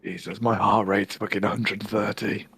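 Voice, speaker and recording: A young man co-hosting a casual comedy podcast, rambling and often dropping into a breathy whisper. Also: lowish voice, flat delivery, moderate pace, a bit bright. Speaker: podcast co-host.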